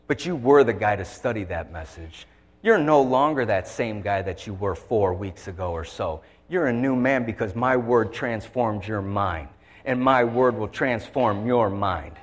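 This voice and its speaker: A heartfelt male preacher with a fairly low voice delivers an emotional sermon. His words ring out with a long reverb, as in a large church hall. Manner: heartfelt, voice shifting to act out a dialogue with God.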